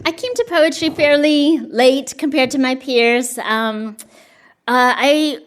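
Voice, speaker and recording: A woman's voice: sits high, slow. A woman poet at a live reading, reading poems and telling self-deprecating stories between them, laughing and chatty, with many fillers. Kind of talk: poetry reading with spoken storytelling between poems.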